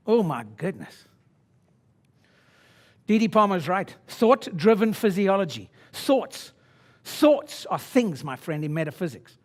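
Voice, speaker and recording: A man in his sixties speaking at a seminar, brash and boastful, dropping to low asides and then pushing up into loud exhortation at the audience. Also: very animated, measured pace, pauses often. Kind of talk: motivational seminar talk. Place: conference room before an audience.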